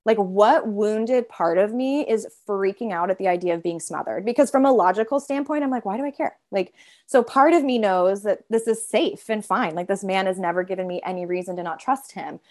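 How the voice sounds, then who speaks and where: A woman therapist in easy, conversational talk, leaning on "like" at every turn. Her pitch sits at an ordinary middle. She slips into quick little voices for the parts of herself she describes. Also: a little mellow. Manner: chatty, heavy use of filler "like". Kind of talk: casual interview conversation.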